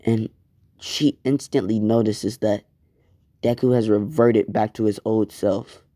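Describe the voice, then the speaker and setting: A man's voice: fairly low pitch, fairly even intonation, a little slow, warm tone, no echo, studio quality. A man casually telling a fan story in a laid-back, rambling way, with some swearing.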